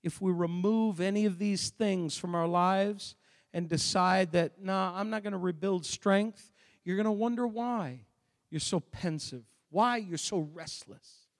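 High-voiced man preaching in a reverberant hall. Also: measured pace. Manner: swings between quiet asides and loud emphatic declarations. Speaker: pastor. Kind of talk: sermon. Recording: long reverb of a large hall.

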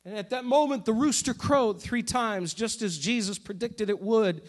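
A man's voice: high voice, normal speed. A man preaching a sermon as pastor, passionate and repetitive in his delivery.

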